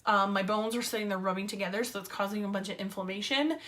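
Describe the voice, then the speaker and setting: A woman's voice: medium pitch, fast, a bit bright. A woman telling a casual story-time vlog in a chatty, filler-heavy way, with wry sarcasm. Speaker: vlogger.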